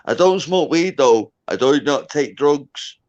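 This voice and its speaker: A man's voice: a little high, expressive, a little slow, darkish tone. A Scottish man, tipsy with hiccups, rambling in boisterous drunken banter as a guest on a livestream. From Scotland. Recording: dull lo-fi sound.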